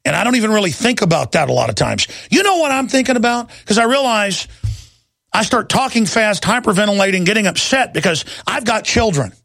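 A man in his thirties hosting a talk radio show, delivering an impassioned rant into a studio microphone and breaking into shouting. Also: high-pitched, very animated, a little fast, gravelly, dry recording. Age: 30s. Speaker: radio host.

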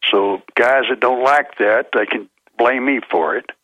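An older man with a Texan accent, calling in to a radio show and talking in a plainspoken, halting way over a phone line. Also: medium pitch, bright, forceful tone, dry recording. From Texas. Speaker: caller.

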